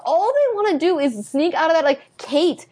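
High-voiced sweary woman in her thirties. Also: sing-song, darkish tone. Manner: blunt, sweary, self-mocking, fast with "like". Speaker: podcast co-host. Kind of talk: casual chat.

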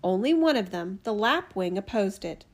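Expressive woman reading a fairy tale. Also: mid-range voice, normal speed. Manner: expressive, animated storytelling. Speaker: storyteller.

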